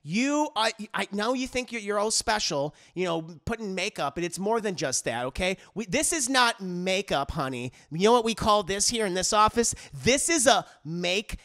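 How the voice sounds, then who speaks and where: A man's voice: high voice, animated, normal speed, few pauses, a bit bright, no room sound, clean studio sound. A man voicing a catty, condescending female coworker who talks down to people. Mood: snide. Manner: snide, condescending.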